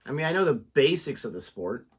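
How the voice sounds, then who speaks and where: A man's voice: medium pitch, big pitch swings, a little fast, crowd noise. A man co-hosting a reaction video, telling a rambling story in casual chat, with lots of "like". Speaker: co-host of a reaction channel.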